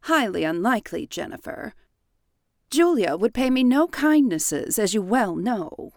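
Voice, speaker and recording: A woman's voice: fairly high pitch, big pitch swings, unhurried, dry recording, clean studio sound. A woman voicing a composed young widow from a period story who speaks in a cool, clipped, polite way. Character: composed, guarded young widow hiding her feelings.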